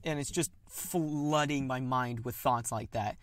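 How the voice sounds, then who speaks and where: A young man talking candidly and haltingly about his own feelings in a confessional monologue, with nervous laughs. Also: medium pitch, no echo. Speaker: podcast host.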